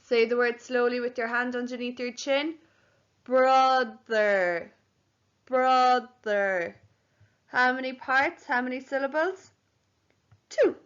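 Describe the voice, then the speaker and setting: A woman teaching a recorded home phonics lesson to young children, slowly spelling out letters and syllables. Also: high voice, fairly even intonation, fairly bright tone, highs cut off. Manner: slow, clearly sounding out letters and syllables. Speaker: primary school teacher.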